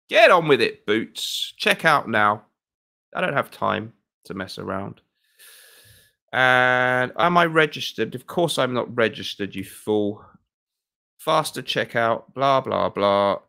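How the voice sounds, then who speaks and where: Gravelly bright-voiced man hosting livestream. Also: on the low side. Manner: chatty, self-deprecating, thinks aloud while shopping. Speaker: fragrance livestream host. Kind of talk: casual livestream chat.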